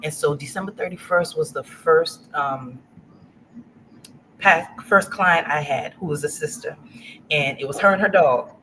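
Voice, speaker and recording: A middle-aged woman from Louisiana talks as a guest in a casual interview, telling her business story with lots of animation. She acts out what people said to her and laughs often, and clear background noise runs under her voice. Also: deep voice, unhurried, fairly bright tone. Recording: noisy livestream audio.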